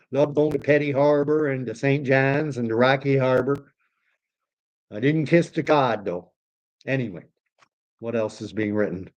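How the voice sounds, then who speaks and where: A man's voice: mid-range voice, darkish tone. A man with a mid-range voice hosts a casual livestream and reads viewer comments aloud. He rambles with eager enthusiasm and often restarts his sentences. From Canada. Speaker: online commentary host.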